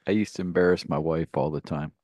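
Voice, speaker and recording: A man's voice: rumbling low, steady tone, quick pace, darkish tone, dry recording, clean studio sound. A man co-hosting a radio show, telling long rambling anecdotes in casual banter and laughing at his own stories.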